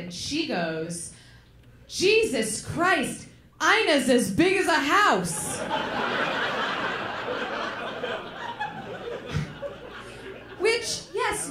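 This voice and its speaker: A woman's voice: fairly high pitch, background noise. A woman performing a chatty stand-up comedy set on a club stage, swearing and throwing in um fillers. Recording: echoey club with crowd laughter. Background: laughing audience.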